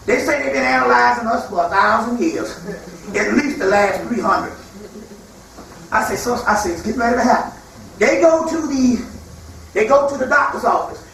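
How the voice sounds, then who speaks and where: A man with an extremely high, fairly bright voice gives a spiritual lecture before a live audience. He tells stories loosely and colloquially, acting out the people he quotes. The recording is faintly noisy and sounds distant, as if from far back in an echoey hall.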